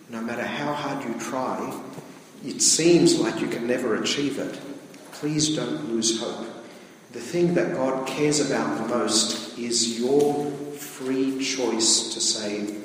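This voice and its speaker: A man's voice: medium pitch, slight background noise. Male priest, chatty sermon, picked up from a distance in a reverberant church; keeps asking "okay?". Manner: plain-spoken, keeps checking in with "okay". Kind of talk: conversational sermon. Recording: distant, echoey church recording.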